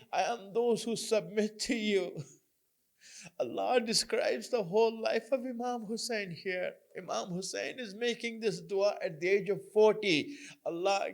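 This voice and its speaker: A man with a very high-pitched voice delivers a mourning sermon at a mosque gathering. He recites and translates a prayer, then tells the story with mounting passion, his voice breaking into sobs. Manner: recounts the narrative with rising passion, voice breaking into sobs. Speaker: Muharram majlis speaker.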